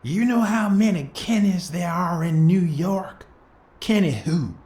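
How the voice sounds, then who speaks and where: A woman voicing a composed barber shop keeper who asks calm, probing questions. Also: on the low side, unhurried, lightly acted. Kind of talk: video game voice acting. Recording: echoey room.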